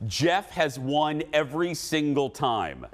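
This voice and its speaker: A man in his forties hosting a talk show, telling stories with laughter and animated banter. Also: on the high side, slow pace, crowd noise, noisy background.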